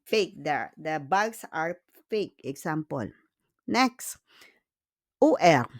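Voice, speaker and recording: A woman's voice: low voice, sing-song, takes it slowly, no echo, clean studio sound. A woman teaching beginner French grammar, switching between English, French and Tagalog and checking in with "okay?" after each point.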